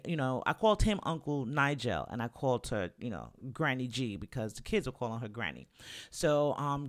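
A man from New talks casually with the of his home city, his voice sitting a little higher than most men's. He tells his stories in a candid, animated way, swears freely and often breaks into laughter. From New York. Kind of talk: casual storytelling monologue.

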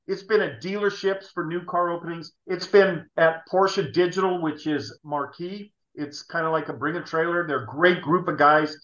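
A middle-aged man tells animated stories as an interview guest, his voice bright and forceful, on the high side for a man. The recording sounds roomy and slightly dull. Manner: animated anecdotes with laughs. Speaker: guest, automotive artist. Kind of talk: casual storytelling.

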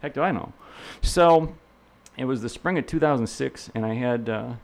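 Speaking at normal speed in a mid-range, darkish voice with vocal fry, this man is a middle-aged real estate instructor. As an interview guest he tells casual, wandering anecdotes, full of fillers and false starts, voicing the people he quotes.

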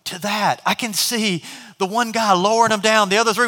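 A male pastor preaching a sermon, telling the story in a lively way and acting out the people in it. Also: high-pitched, fairly quick. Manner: animated storytelling, acts out characters. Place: church sanctuary. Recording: reverberant hall.

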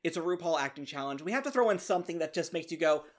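A man co-hosting a casual podcast, tossing quick quips and steering the rundown. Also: on the high side, expressive. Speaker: podcast co-host. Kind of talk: casual chat.

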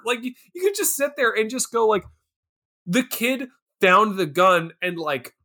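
A man's voice: high voice, lively intonation, a little slow, pushed and bright. A man in his twenties co-hosting a podcast, ranting in exasperation about a film, swearing and laughing as he talks. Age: 20s. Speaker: podcast co-host reviewing a film. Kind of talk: casual chat.

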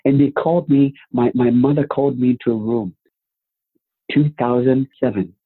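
A man telling his life story as a guest, animated, with rhetorical questions and acted-out quotes. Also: mid-range voice, moderate pace, husky. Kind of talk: personal storytelling. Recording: phone-like narrow band.

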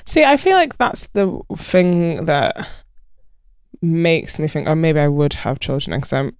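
A woman's voice: sits low, animated, measured pace, a little mellow, smooth, no echo, clean studio sound. A young woman co-hosting a podcast in casual chat, reflective but with crude humour. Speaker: podcast co-host.

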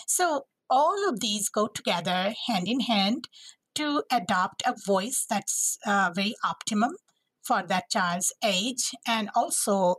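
A woman's voice: mid-range voice, lively intonation, slow pace, fairly bright tone, slightly rough, no room sound, rough recording. A woman speech-language pathologist explaining vocal health as a podcast guest, with frequent restarts and fillers. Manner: demonstrates voice qualities, laughs often.

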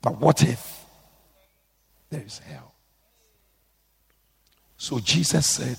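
Gravelly preacher, urgent in an echoing hall. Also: male voice, medium pitch, extremely slow, pauses often, a little mellow. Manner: urgent pleading. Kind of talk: sermon with read-out testimony. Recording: echoey hall.

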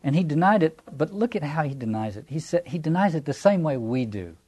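Man, Southern American accent, mellow warm tone, thoughtful lecture, rhetorical questions. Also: fairly high pitch, big pitch swings, fairly quick. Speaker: lecturer on scripture. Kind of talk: reflective lecture.

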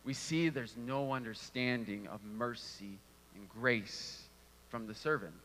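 A man's voice: mid-range voice, slow pace, fairly bright tone, long reverb tail, slight background noise. A man giving a conversational sermon and sometimes restarting his words. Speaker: preacher.

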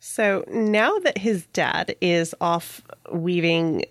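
A woman's voice: fairly low pitch, no echo, studio quality. A woman co-hosting a casual podcast conversation, retelling a history with reflective, storytelling asides. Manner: reflective, storytelling, quick agreeing interjections. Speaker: podcast co-host.

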